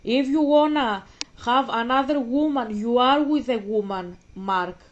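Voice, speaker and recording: A woman's voice: a little high, a little slow, lo-fi sound. A woman from Greece, ranting emphatically in a casual vlog monologue and arguing directly with a critic. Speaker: vlogger.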